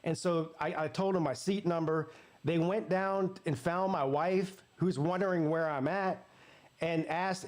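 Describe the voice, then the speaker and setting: A man's voice: a little high, moderate pace, a little mellow. A man hosting a live sports watch party, telling a story in a casual way, swearing freely and acting out the voices he quotes.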